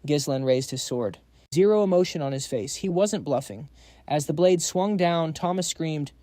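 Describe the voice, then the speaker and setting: Man, recap narrator, slangy casual narration, mellow, dry close sound. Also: a little high, moderate pace, dry recording. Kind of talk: scripted narration.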